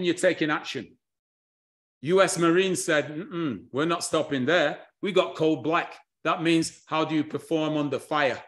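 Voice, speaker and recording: A man giving a lively, energetic lecture and asking his listeners to write things down. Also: fairly high pitch. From United Kingdom. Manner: energetic, animated presenting with audience tasks. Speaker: history and culture speaker.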